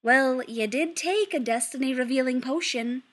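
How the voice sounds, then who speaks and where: A woman's voice: high voice, moderate pace, fairly bright tone. A woman voicing a bubbly, doting middle-aged witch mother who chatters sweetly. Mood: chattering.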